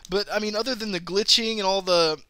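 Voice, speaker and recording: Host, male, high, very bright voice, rambling animated storyteller, dry close sound. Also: a little fast, no room sound. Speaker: podcast host. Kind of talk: casual gaming chat.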